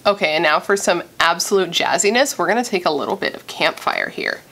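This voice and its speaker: A young woman from Missouri chatting casually and gushing as she does a makeup tutorial, thinking out loud. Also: fairly low pitch, expressive, a little fast, gravelly, hardly any pauses. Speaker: beauty vlogger.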